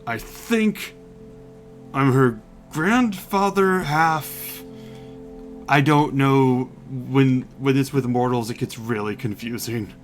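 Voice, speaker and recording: A man voicing a boisterous, fatherly old male forge god who rambles and stammers with loud bursts. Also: medium pitch, slow pace, faint music behind, close to an everyday voice. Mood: excited.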